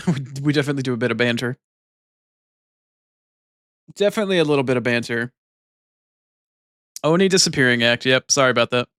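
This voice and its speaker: Bright-voiced male streamer chatting. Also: mid-range voice, a little fast, long pauses, dry recording, clean studio sound. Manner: profane, teasing banter with chat. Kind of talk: casual live-stream chat.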